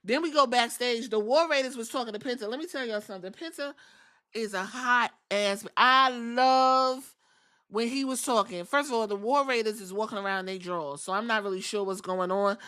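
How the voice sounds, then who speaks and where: A woman's voice: on the high side, brisk, a bit bright. A woman hosting a podcast, recapping events in a blunt, profane, chatty way. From outside the US. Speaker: podcast host.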